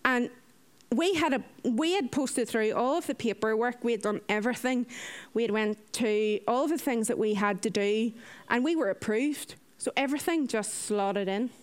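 A woman's voice: moderate pace, clear, resonant tone. A young woman giving an earnest personal faith testimony as a mission volunteer, telling her story with animation. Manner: earnest, animated storytelling, acts out quotes in a higher voice.

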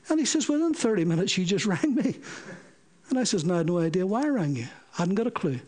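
Preacher guy, fairly high voice, tells stories and acts out the back and forth. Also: moderate pace, pauses often. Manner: animated, acts out quoted dialogue. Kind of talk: sermon storytelling.

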